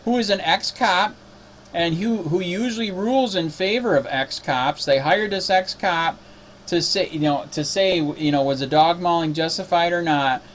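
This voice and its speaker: Indignant man, activist, loose rambling recap, slightly high voice. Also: normal speed, a bit bright, a little hiss or hum. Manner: indignant, exasperated. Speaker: cop watch activist. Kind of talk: casual spoken recap.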